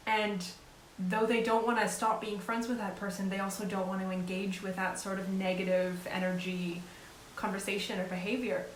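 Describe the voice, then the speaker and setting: A woman coach talks through practical advice in an earnest, encouraging tone, often checking in with the listener. Her voice sits at an ordinary middle pitch. The room rings with echo, and a faint hiss runs underneath. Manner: earnest, encouraging, conversational with frequent "right?". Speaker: life coach. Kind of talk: casual advice talk.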